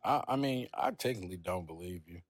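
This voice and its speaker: A young man as a podcast guest in loose, profane banter, animated and quick to laugh. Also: low voice, no room sound, faint music behind. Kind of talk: casual chat.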